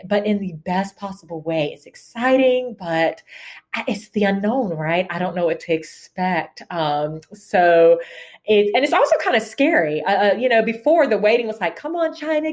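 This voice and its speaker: A middle-aged woman, a first-time children's book author, chatting in an interview, animated, laughing often and repeating words as she starts. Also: lowish voice. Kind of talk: casual interview talk.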